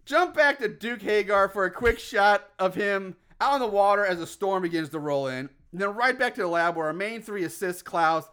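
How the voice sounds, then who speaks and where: A man's voice: high-pitched, animated, moderate pace, hardly any pauses, fairly bright tone, clear, resonant tone. A man co-hosting a casual podcast, recapping a movie in a rambling way, laughing often and swearing casually. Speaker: podcast co-host.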